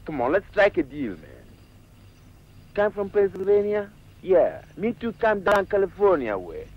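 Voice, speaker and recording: A man's voice: high voice, very animated, unhurried, exaggerated voice. An actor playing a boastful trickster who blusters, threatens and coaxes, switching between languages, on dull old film sound. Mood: coaxing. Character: boastful trickster Ananse, sly adult man. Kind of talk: 1960s film acting.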